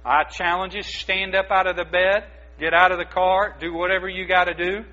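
A male pastor delivers an emphatic, exhorting sermon in a somewhat high, forceful voice. His tone is bright with a husky edge. The recording is dull and lo-fi, with a mains hum underneath. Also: little pitch movement, moderate pace.

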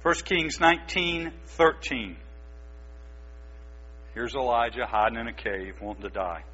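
A man's voice: medium pitch, measured pace, bright, forceful tone, breathy edge. A man preaching a sermon as pastor, exhorting his listeners with emphatic, urgent delivery. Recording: dull lo-fi recording with mains hum.

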